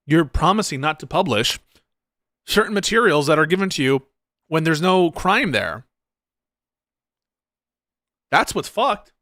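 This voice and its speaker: A man's voice: big pitch swings, measured pace, long pauses, fairly bright tone, dry recording, studio quality. A man live-streaming political reaction commentary, ranting sarcastically with lots of profanity. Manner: mocks others in shrill put-on voices.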